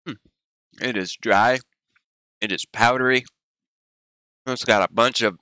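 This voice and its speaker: A man's voice: medium pitch, pushed and bright, clear, resonant tone, no room sound. A man livestreaming casually, rambling and groaning in pain with teary eyes and a running nose. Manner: rambling, groaning and gasping from spicy heat. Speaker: streamer.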